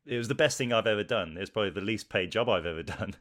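A man's voice: fairly low pitch, racing, a bit bright. An English man in his thirties, an actor guest talking casually and with animation, laughing as he speaks. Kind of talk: casual interview chat.

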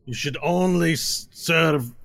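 A man's voice: fairly high pitch, pitched above the performer's own voice. A man voicing a rowdy, drunken male tiefling gang leader who sneers and drags out his threats. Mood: sneering. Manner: loud, sneering, drawn-out threats.

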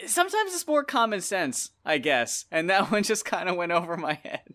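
A man's voice: high-pitched, sing-song, normal speed, sharp tone. A man co-hosting a podcast, reviewing an album in casual, rambling chat, often laughing and swearing. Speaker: podcast co-host.

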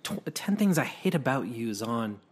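A man's voice: mid-range voice, very animated, slightly rough. Blunt, opinionated male podcast co-host. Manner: opinionated and blunt, with quick restarts. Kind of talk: casual podcast chat.

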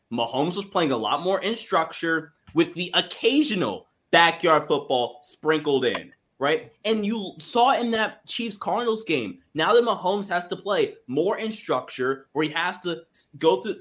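A man co-hosting a casual sports talk show, excitable and rambling, often restarting his sentences. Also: high voice. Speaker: co-host.

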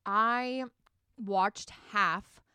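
A woman co-hosting a podcast in casual chat, chatty and quick, laughing easily. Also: mid-range voice, sharp tone, clear, resonant tone, no echo. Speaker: podcast co-host. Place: from the DC area.

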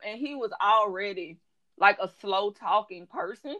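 Woman, mental health worker, casual chat, animated storytelling, laughs a lot, quotes people. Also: medium pitch, moderate pace, muffled recording.

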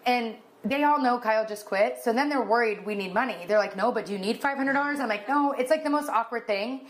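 A woman in her thirties, a podcast co-host telling a story in casual chat, animated, acting out dialogue in a raised voice, emotional and near tears. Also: on the high side, brisk.

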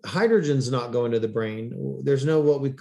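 A man talks as a guest on an interview podcast, fast and enthusiastic. He tells stories and puts on raised voices when quoting others. His voice sits at an ordinary middle pitch. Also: vocal fry, warm tone. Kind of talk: animated storytelling in interview.

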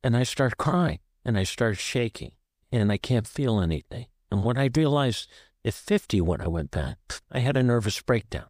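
An author from the American Southwest, appearing as a guest on an interview show, recounts a painful personal story in short, vivid present-tense sentences. His voice is medium-pitched, animated and a little mellow at a normal speed. The sound is studio quality with no room sound.

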